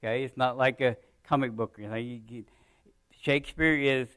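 Man preaching in a dry, close sound. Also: dry recording. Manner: conversational preaching with asides to the congregation; rises in volume on emphasized phrases, drops low at sentence ends. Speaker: pastor. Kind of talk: sermon. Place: church sanctuary.

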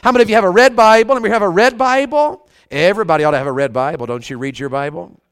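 With a Southern US accent, a man preaches a fervent revival sermon, frequently putting questions to the congregation. His voice is high, fast, and a bit bright, with a clean tone and no room sound.

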